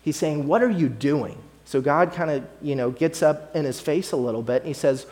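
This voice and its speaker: A man's voice: fairly high pitch, moderate pace, hardly any pauses, a little mellow. A man preaching a sermon in an earnest, conversational way, often repeating his phrases. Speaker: pastor.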